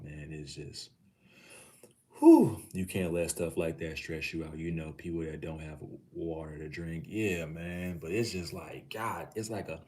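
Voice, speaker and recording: A middle-aged man from Texas hosting a livestream, talking casually with his chat, swearing freely and calling viewers nephew. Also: low-pitched. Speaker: livestream host.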